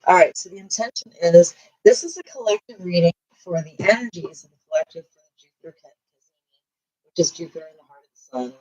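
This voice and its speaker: A woman with a slightly low voice runs a live-streamed collective card reading. She talks softly and meanders with many fillers. Now and then she chants a short prayer in a steady rhythm. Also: quick pace, slightly rough, low-quality recording. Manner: soft, meandering, with frequent fillers; rhythmic chanting prayer while shuffling cards. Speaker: intuitive tarot reader and healer.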